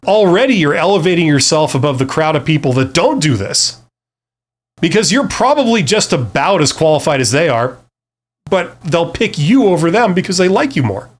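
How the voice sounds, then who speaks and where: A man's voice: a little high, sing-song, moderate pace. A man talking casually to camera with career advice, rambling and self-deprecating, full of fillers and restarts. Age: adult past his early twenties.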